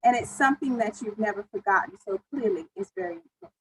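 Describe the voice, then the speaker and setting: Measured woman moderating a panel. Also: fairly high pitch, expressive, vocal fry, slight background noise, low-quality recording.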